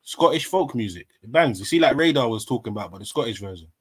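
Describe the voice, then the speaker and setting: A man's voice: medium pitch, animated, fast, slightly rough, dry recording. A Jamaican man, chatting on a live panel in a laid-back, slangy way, getting defensive as he jokes. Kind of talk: casual panel chat.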